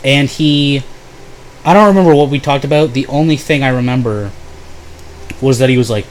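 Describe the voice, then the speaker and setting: Speaking at a moderate pace with long pauses, this young man has a medium-pitched voice and a bit of background noise behind him. His casual storytime wanders, swears freely, leans on fillers like "like," and erupts into loud, over-the-top impressions.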